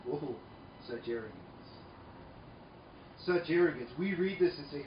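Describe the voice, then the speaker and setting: High-voiced preacher in an echoey hall. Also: male voice, lively intonation, a little slow, long pauses, slight background noise. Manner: emphatic, swings between loud declarations and low asides. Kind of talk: sermon. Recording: echoey room, mic far off, dull sound, faint ambience.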